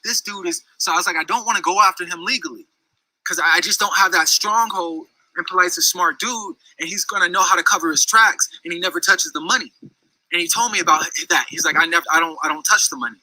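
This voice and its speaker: A man's voice: sits high, fast, pushed and bright, no echo, poor audio. Heated, rambling man telling a story. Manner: heated, rambling, many restarts and "you know what I'm saying". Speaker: storyteller recounting a dispute. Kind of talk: casual storytelling.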